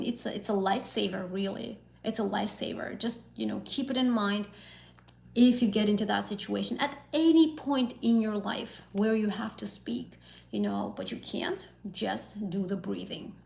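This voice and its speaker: Creaky-voiced woman teaching a lesson. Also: mid-range voice, darkish tone, reverberant, poor audio. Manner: casual, encouraging, with fillers and self-corrections. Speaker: IELTS teacher. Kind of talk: live-stream lesson.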